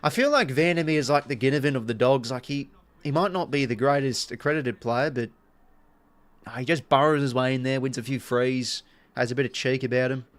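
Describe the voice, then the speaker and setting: An Australian man commentating a footy match live on his stream, mid-pitched and chatty. He calls the play in quick bursts and turns to talk with his viewers between the action. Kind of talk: casual live watch-along commentary.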